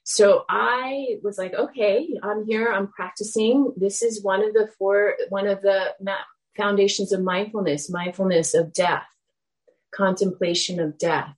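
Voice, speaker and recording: A woman's voice: mid-range voice, a little slow, poor audio. Reflective woman telling a dharma story. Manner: reflective, animated storytelling with acted quotes. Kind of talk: dharma talk, personal story.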